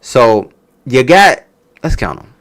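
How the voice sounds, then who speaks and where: A man's voice: mid-range voice, takes it slowly, creaky. A man casually reviewing a wrestling show, talking loosely and profanely as he tells stories and laughs along. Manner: animated, profane, storytelling with laughs. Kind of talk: casual reaction chat.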